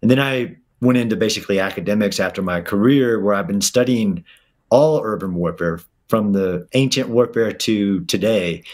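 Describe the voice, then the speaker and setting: A man, a guest expert, explaining his background in a measured way over a video call. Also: on the low side, a little mellow. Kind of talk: interview answers.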